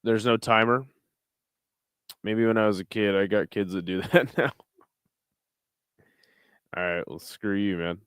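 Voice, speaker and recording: Tired guy doing a chill fight watch-along, swears a lot, smooth clear voice, dry close mic. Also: fairly low pitch, a little slow, pauses often, a bit bright, dry recording. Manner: laid-back, profane, jokey asides to chat. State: tired, burping. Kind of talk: casual live commentary.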